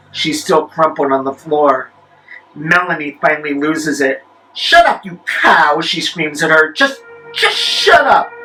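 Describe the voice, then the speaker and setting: A man telling a spooky story in the first person, measured, with wry deadpan asides. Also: a little high, rough recording.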